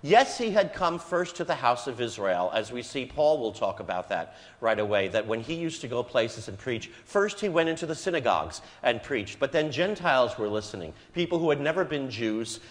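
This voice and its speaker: A man, a priest, giving a sermon in a conversational storytelling manner, acting out quoted lines with lively inflection. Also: medium pitch, moderate pace, few pauses. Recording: long reverb of a church.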